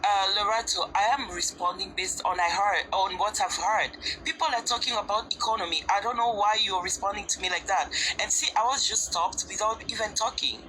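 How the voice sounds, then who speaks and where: A woman's voice: mid-range voice, brisk, few pauses, bright, forceful tone, slight background noise, low-quality recording. A woman on a debate panel, speaking with impassioned, emphatic force and piling up repeated questions. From Congo.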